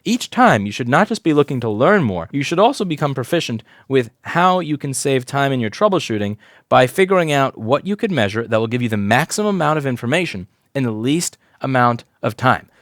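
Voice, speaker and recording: A man's voice: medium pitch, no echo, studio quality. A man working as a repair technician who gives a hands-on repair tutorial in a blunt, profane, explanatory way at a repair shop workbench.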